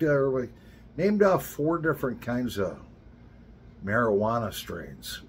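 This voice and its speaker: A middle-aged man hosting a relaxed vlog as he smokes his pipe, murmuring slow, savoring remarks between puffs. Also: medium pitch, slight background noise. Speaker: pipe smoking channel host.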